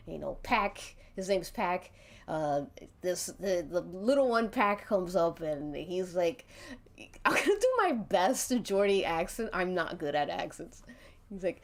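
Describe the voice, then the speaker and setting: A woman's voice: lowish voice, lively intonation, takes it slowly. A woman narrating a tabletop game as game master on a live stream, chatty and laughing often. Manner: giggly, chatty.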